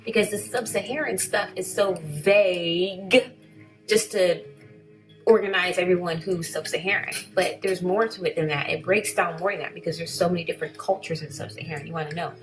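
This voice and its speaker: A woman's voice: on the low side, fairly even intonation, normal speed, music in the background, low-quality recording. A woman chatting casually in a vlog, rambling and correcting herself as she reads through things. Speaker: vlogger.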